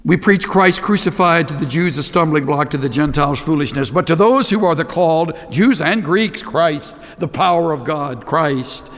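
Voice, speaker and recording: A man preaching a sermon to his congregation, emphatic and animated, acting out little scenes as he goes. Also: on the high side, moderate pace, hardly any pauses. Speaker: pastor. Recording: long reverb of a large hall.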